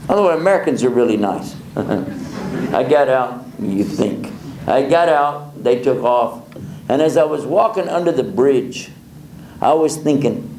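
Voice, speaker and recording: A male preacher telling a personal story in a lively way, chuckling and acting out the dialogue. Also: medium pitch, a little slow, a little hiss or hum. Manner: animated, chuckles often, acts out dialogue. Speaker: Islamic preacher. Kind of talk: storytelling lecture. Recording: echoey hall with faint ambience.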